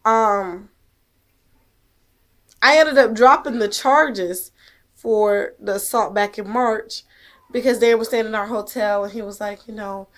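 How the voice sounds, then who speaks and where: A woman's voice: mid-range voice, takes it slowly, long pauses. A woman telling a personal story about her life as a mother. She speaks with emphasis and heat, swears often, and keeps pressing her point with "okay?". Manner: profane, emphatic, heated. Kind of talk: emotional first-person storytelling.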